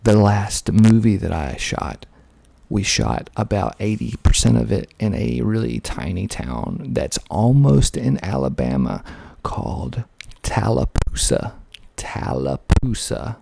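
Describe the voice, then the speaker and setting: A man, hosting a soft-spoken ASMR video, speaking slowly and deliberately into a close mic with a pop filter, with wry asides. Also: lowish voice, big pitch swings, creaky, no room sound. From Georgia, USA. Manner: slow, deliberate, half-whispered delivery with wry asides. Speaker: ASMR channel host.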